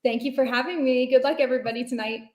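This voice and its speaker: A woman's voice: high-pitched, steady tone, quick pace, darkish tone. A woman who is a guest sports betting analyst, chatting in a laid-back, self-deprecating way. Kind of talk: casual podcast chat. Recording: echoey room.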